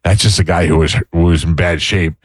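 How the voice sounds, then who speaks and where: Fast-talking deep-voiced male radio host. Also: steady tone, slightly rough, no room sound. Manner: quick, storytelling with acted quotes. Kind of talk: casual radio talk. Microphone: studio mic.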